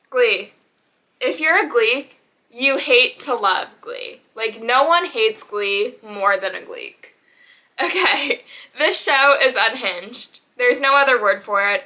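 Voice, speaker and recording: A woman's voice: fairly high pitch, bright, forceful tone. A young woman vlogging in casual chat, talking animatedly with dramatic rants and laughs.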